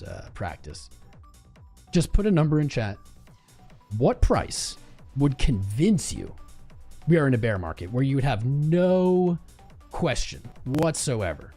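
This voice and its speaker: A man hosts a live crypto trading stream, thinking aloud and reading viewers' price guesses from chat. His mellow voice moves up and down with a lot of animation. Faint music plays underneath. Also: medium pitch. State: chapped cuticles from cold weather. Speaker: livestream trading host.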